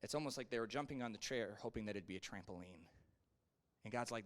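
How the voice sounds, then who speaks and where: A young adult man teaching a Sunday school lesson in a relaxed, conversational way, acting out the people he quotes. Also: on the low side, fast. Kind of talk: casual Bible lesson.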